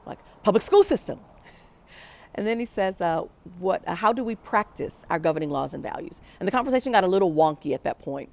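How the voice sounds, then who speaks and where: A woman's voice: lowish voice, lively intonation, fairly quick, gravelly. A young adult woman telling a personal story in a reflective way, acting out the voices she quotes.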